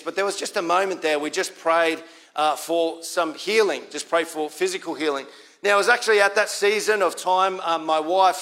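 A man with an Australian accent preaches a sermon as a pastor, his voice on the high side with a fairly bright tone. He keeps it conversational, repeating key lines for emphasis.

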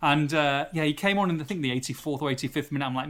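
A man co-hosting a football podcast, telling stories in an animated, self-mocking way. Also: fairly high pitch, racing. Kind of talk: casual podcast chat.

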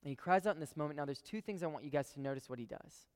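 A man's voice: fairly high pitch, rapid-fire, darkish tone, smooth, long reverb tail. A man preaching a sermon in a casual, emphatic way, talking straight to his listeners and repeating phrases for stress.

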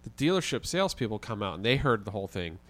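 A man with a somewhat low voice speaks as a podcast guest. He tells his story casually and vividly, dropping the occasional swear word. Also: big pitch swings, quick pace.

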